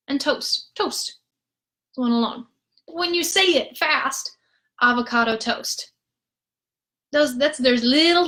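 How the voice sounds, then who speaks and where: A woman's voice: a little high, fairly bright tone, rough recording. A woman with a Minnesotan accent, a music therapist, leading a live-streamed rhythm lesson and patiently counting in and chanting food words as beats.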